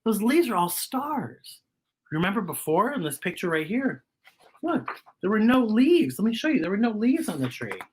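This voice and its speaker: A woman's voice: medium pitch, sing-song, normal speed, a little mellow, a little hiss or hum. A woman hosting a children's storytime, reading a picture book aloud and asking her young listeners questions, sometimes dropping to a whisper.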